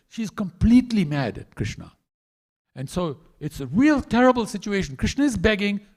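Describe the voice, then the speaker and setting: A male preacher in a temple hall retells a sacred story, his higher-than-usual voice swinging widely in pitch. He narrates with animated, theatrical delivery and acts out each character. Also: normal speed. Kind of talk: storytelling sermon.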